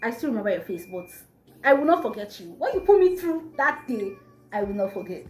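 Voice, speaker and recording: A young woman with a Nigerian accent, telling a storytime vlog in an animated, exasperated way. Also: a little high, fairly quick. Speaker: vlogger. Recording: echoey room, faint music.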